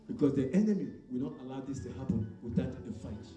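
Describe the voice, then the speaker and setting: A male preacher delivering a sermon, shouting and calling out for responses from his congregation. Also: mid-range voice, expressive, fast. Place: church hall. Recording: echoey church hall, mic far off, faint music.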